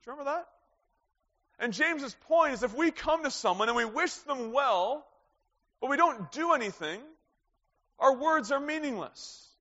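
A man's voice: very high-pitched, expressive, normal speed, pauses often, bright, forceful tone. A man preaching a sermon, earnest, often putting questions to the congregation. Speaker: pastor. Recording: dull lo-fi sound with long hall reverb.

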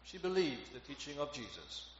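A man's voice: medium pitch, big pitch swings, normal speed. Male preacher, earnest and emphatic, heavy hall echo on a dull, lo-fi recording. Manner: earnest, rising to emphatic on key phrases. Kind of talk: sermon. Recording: echoey hall, dull lo-fi, faint noise.

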